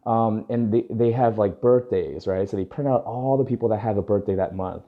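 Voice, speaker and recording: Animated man telling a story. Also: fairly low pitch, moderate pace. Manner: animated storyteller, acting out dialogue, laughing often. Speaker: dog groomer and vlogger. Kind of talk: casual storytelling. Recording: dull lo-fi recording.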